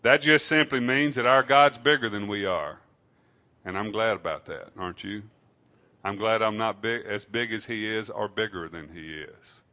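A man preaching a sermon to his congregation in an unhurried, conversational way, often asking them questions. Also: fairly low pitch, pushed and bright, lo-fi sound. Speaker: pastor.

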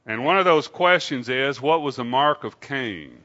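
Man, pastor, sermon, crisp forceful voice, conversational, questions to the congregation, lo-fi recording. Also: mid-range voice, animated, moderate pace.

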